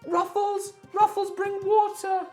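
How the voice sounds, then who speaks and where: A woman's voice: very high voice, flat delivery, slow, mellow, faint music behind, voice pushed up. A woman voicing a short, motherly female wood spirit who fusses and soothes. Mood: fussing kindly.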